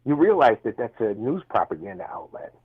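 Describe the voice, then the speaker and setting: Husky male caller on a tinny phone line. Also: mid-range voice, sing-song, a little fast. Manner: dismissive, mocking, repetitive. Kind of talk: heated call-in argument.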